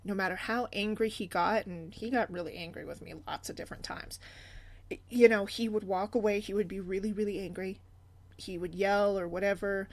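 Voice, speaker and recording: A woman in her thirties talks candidly on her own podcast, sharing a family story in a conversational way. She laughs often as she goes, and her pitch sits at a middle level for a woman. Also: steady tone, brisk. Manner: candid, laughs often while telling stories. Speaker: podcast host.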